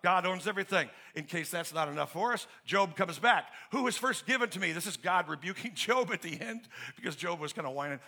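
A man's voice: high voice, fairly quick, few pauses, pushed and bright. A man pastor preaching a sermon in an emphatic, conversational way, asking the congregation to finish his questions. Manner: emphatic and conversational, with frequent restarts.

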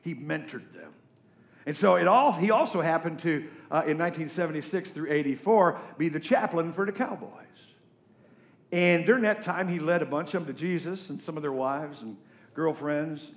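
A man preaching a sermon to a congregation, animated and emphatic. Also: moderate pace. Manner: animated, emphatic preaching with big pitch swings. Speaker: pastor. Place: church stage before a congregation.

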